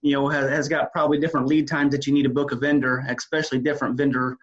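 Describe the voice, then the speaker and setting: A man who owns a wedding DJ business, answering interview questions in a halting way, full of fillers and restarts. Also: medium pitch, level tone, a bit bright. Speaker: wedding DJ business owner, guest. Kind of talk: casual interview talk. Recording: dull lo-fi sound.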